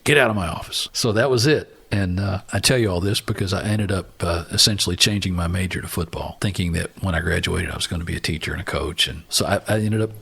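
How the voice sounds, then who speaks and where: An older man from Alabama, a former Marine aviator, tells stories from his life as an interview guest, animatedly acting out other people's voices. His voice is deep, gravelly and husky, and he talks fast with few pauses.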